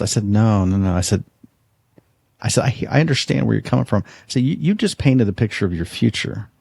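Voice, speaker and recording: A man hosts a podcast, his voice low, gravelly and a little husky. He tells a long story earnestly, restarting and repeating words as he goes. The recording is dry and close to the mic. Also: a little fast, darkish tone, no room sound. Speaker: podcast host. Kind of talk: casual conversation, storytelling.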